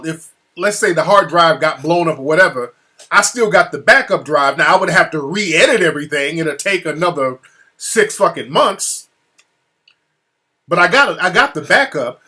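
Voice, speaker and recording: A man with a husky, slightly high voice tells a story in loose, casual talk. He swears freely and grows heated and animated as he goes. The call audio drops out now and then. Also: moderate pace. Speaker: interview guest. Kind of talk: casual phone-style conversation.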